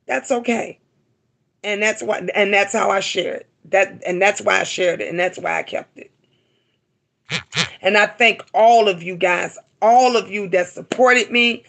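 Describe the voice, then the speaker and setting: Heartfelt middle-aged woman, bright voice. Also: medium pitch, unhurried, vocal fry. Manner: heartfelt, repeats herself for emphasis. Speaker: livestream host. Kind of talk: emotional live-stream talk to viewers.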